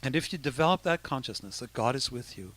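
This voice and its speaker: Man, bishop, relaxed talk to teens, bright tone, dry close sound, chatty restarts. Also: medium pitch, fast, dry recording. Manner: conversational, with many restarts and asides. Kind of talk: informal talk to youth.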